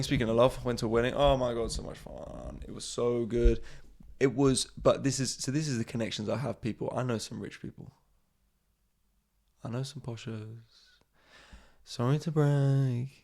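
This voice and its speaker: A man's voice: mid-range voice, a little mellow. A man, a comedian hosting his podcast in a casual, rambling monologue, swearing freely and mocking himself.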